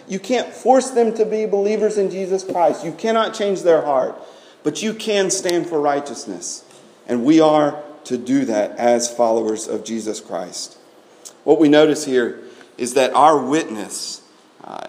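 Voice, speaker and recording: A man preaching a sermon to his congregation, emphatic and full of rhetorical questions, often repeating words as he builds a point. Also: on the high side. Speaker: pastor.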